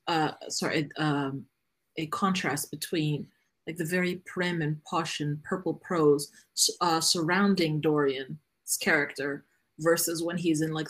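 A woman writer talks casually as a podcast guest, rambling and dropping "like" into her sentences. Her voice sits low and has a husky edge. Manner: rambling, peppered with "like". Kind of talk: casual chat.

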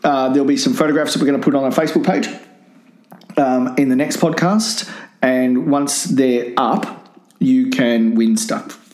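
A man's voice: medium pitch, steady tone, normal speed, darkish tone. A man around fifty co-hosting a casual podcast, joking and rambling with frequent laughs. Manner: jokey, rambling, laughs often. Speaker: podcast co-host. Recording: roomy echo.

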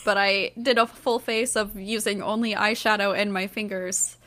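A woman's voice: mid-range voice, fairly even intonation, moderate pace, sharp tone. A young adult woman co-hosting a podcast, chatting casually in a blunt, giggly way. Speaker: podcast co-host. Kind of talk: casual chat.

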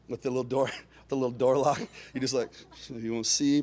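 A man telling a funny personal anecdote, expressive, dropping into hushed asides and rising to near-shouts, chuckling as he goes. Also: mid-range voice, quick pace. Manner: chuckles through his own story. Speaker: storyteller.

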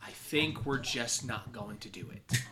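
A man voicing a smug, cruel male villain interrogating captives in a tabletop game. He speaks soft, low and taunting, and sometimes drops to a whisper. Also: measured pace, background noise, close to an everyday voice. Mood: cold calm.

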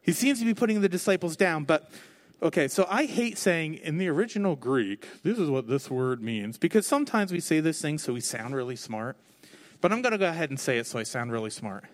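A pastor in his thirties delivers a conversational sermon, poking fun at himself and acting out the lines he quotes. His voice is fairly high-pitched, expressive and brisk.

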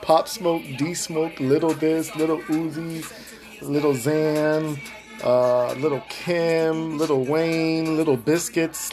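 Young guy hosting his podcast, laughing at himself, cursing, chatty, some soft music behind. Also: a little high, steady tone, measured pace. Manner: laughs a lot, rambling and profane. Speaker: podcast host. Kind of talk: casual solo podcast chat.

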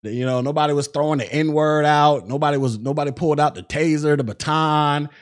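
A man's voice: a little high, brisk. A man hosting a podcast, recounting events in casual commentary with lots of fillers. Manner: conversational, recounts events with many fillers and acted-out quotes. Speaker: podcast host.

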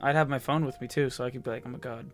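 A young man chatting on a podcast at a middle pitch. He rambles through his stories and leans on "like" between his thoughts. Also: fairly even intonation, very fast, faint music behind. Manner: rambling, fills with "like". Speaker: podcast co-host. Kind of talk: casual chat.

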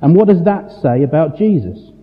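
Emphatic preacher in a big echoing hall. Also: male voice, a little high, lively intonation. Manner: emphatic, rhetorical questions, dramatic pauses. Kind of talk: sermon. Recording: tinny phone-like sound in a large reverberant hall.

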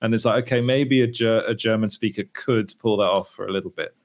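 A man's voice: fairly low pitch, fairly even intonation, quick pace. A man co-hosting a podcast, chatting casually and laughing often, with frequent restarts as he talks. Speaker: podcast co-host. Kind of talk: casual chat.

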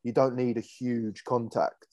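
A man on a video-call podcast, talking football in a loose, chatty way. His voice sits at an ordinary pitch and sounds dry and close, with no room around it. He tells stories and slips into other people's voices. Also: measured pace, no echo. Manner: animated storyteller, mimics voices in anecdotes. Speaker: podcast co-host. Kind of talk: casual chat.

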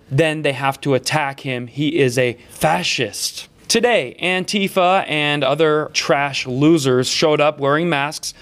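Comedian guy hosting his political show, mocking and sarcastic, kinda high voice. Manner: sarcastic, mocking, riffs quickly between topics.

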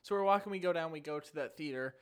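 A man's voice: on the high side, fast, smooth. A young man from St. Louis telling a story on a casual podcast, acting out the people he met. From St. Louis, Missouri. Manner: animated, acts out voices in his stories. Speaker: podcast co-host.

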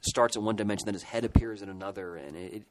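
Middle-aged male co-host, slightly low voice, discursive nostalgic chat. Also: rapid-fire, noisy background. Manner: nostalgic, rambling reminiscence. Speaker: podcast co-host. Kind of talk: casual chat.

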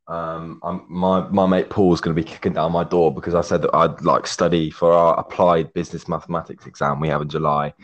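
Deep-voiced young man, rambling and effusive. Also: level tone, brisk, few pauses, highs cut off. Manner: effusive, rambling, heavy swearing, says mate a lot. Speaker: podcast guest. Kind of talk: casual chat. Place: remote call, living in Germany.

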